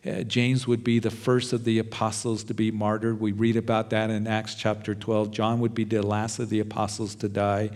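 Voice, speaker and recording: A male pastor preaching a sermon, retelling scripture stories and acting out quotes with lively energy. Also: on the low side, moderate pace, hardly any pauses. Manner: animated storytelling with acted quotes.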